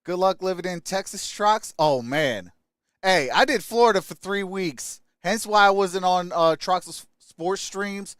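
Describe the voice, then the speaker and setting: A young adult man from Michigan hosting a casual sports live stream, greeting chat viewers by name with upbeat shout-outs. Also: sits high, measured pace, clear, resonant tone, no room sound, studio quality.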